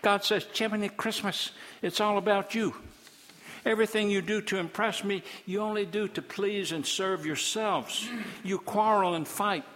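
A man's voice: on the high side, measured pace, a bit bright. A man voicing God as an exasperated, scolding figure who fires off scornful rhetorical questions, heard with a long hall reverb.

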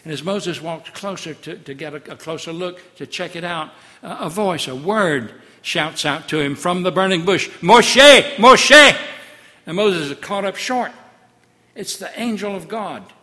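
A man preaching a sermon as pastor, emphatic, repeating key phrases and sinking to a soft hush. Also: on the high side, moderate pace, hardly any pauses, in a large hall.

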